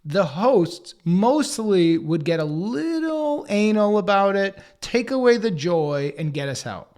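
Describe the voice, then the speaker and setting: A comedian and podcast co-host, a man, telling anecdotes in an animated way and acting out other people's lines. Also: high-pitched. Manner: acts out others' lines in quick put-on voices; swears casually, riffs fast.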